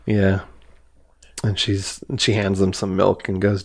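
Deep-voiced and a little slow, a male podcast co-host gives a flat, casual movie review. He rambles, packing in fillers and acting out lines.

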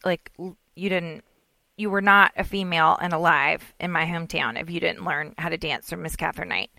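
A middle-aged woman with a lowish, creaky voice and a sharp tone talks fairly quickly, with no echo. Co-hosting a podcast, she chats casually and tells rambling stories, acting out what people said.

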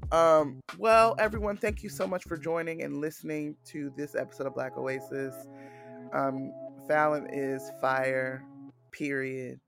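A man's voice: fairly high pitch, steady tone, unhurried, gravelly, a bit bright, soft background music. A man hosting a podcast in casual chat, earnest and affirming, often restarting his sentences. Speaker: podcast host.

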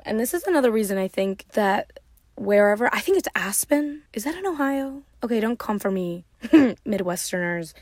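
Chatty vlogger, a woman recapping a film loosely with giggles, mid-pitched, dry close mic. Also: no room sound. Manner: rambling, giggly, heavy use of "like". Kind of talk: casual movie recap.

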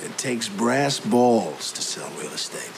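A man's voice: mid-range voice, very animated, slow pace, heavy background noise. An actor playing a ruthless, domineering sales boss, berating his salesmen in a harsh, swaggering film scene. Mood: contemptuous. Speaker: film character. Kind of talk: film drama acting.

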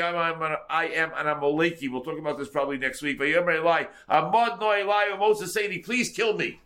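A man's voice: a little high, sharp tone. A man teaching a Torah class as a rabbi, translating verse by verse and repeating words for emphasis.

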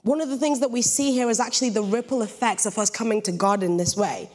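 A young British woman preaching a sermon with a lively, jokey storytelling manner. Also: a little high, fast. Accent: British English. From Britain.

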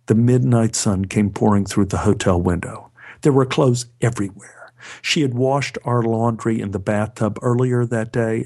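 A man's voice: mid-range voice, a little mellow. A man narrating a personal story with a wry, dry humor. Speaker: storyteller, actor.

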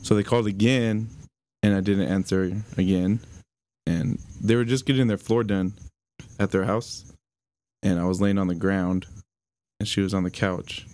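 A young man tells a personal story on a podcast. His voice sits fairly low, and his delivery is halting and casual, full of fillers and the odd curse. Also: steady tone, a little mellow, dry recording. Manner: halting, many fillers, swears. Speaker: podcast guest.

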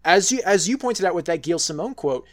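A man hosting a casual comics podcast, eagerly retelling scenes and chatting with a guest. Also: high voice. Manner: excitable, retells scenes with quick quoted voices. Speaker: podcast host. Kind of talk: casual chat about comics.

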